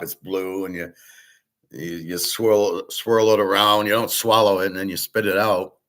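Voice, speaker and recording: A man's voice: low voice, a bit bright. A middle-aged man hosting his own show, talking in a loose, digressive monologue full of restarts and filler words. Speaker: host. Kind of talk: rambling casual monologue.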